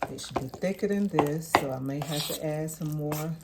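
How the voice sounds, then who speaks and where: Woman, low voice, chatty home cooking vlog, clattering dishes and cutlery behind. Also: moderate pace. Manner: chatty, thinks aloud, drops to a mutter while working. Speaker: home cook vlogger. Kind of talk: casual cooking vlog chat. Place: home kitchen. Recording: noisy kitchen with clattering dishes. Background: clinking dishes and cutlery.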